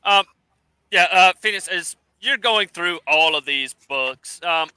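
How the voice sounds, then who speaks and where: A man narrating a tabletop game as game master, halting and searching for words as he describes the scene. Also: high voice, bright, forceful tone, smooth, no room sound, rough recording.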